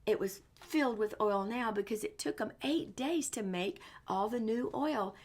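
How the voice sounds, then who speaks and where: A woman reading a picture book aloud to children in an animated way, exclaiming and asking them questions. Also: fairly high pitch, moderate pace. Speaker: storyteller.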